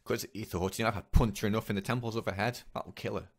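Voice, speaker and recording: A man telling a personal story in a confessional vlog, speaking haltingly and earnestly with many repeats. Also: lowish voice, steady tone. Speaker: vlogger.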